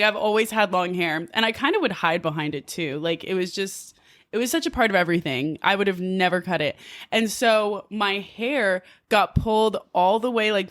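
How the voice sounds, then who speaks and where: A woman from New Jersey, a podcast guest, telling a story in a casual, animated way, full of "like" and quick laughs. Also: medium pitch, no room sound, clean studio sound. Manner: animated, filler-heavy with frequent "like", laughs often.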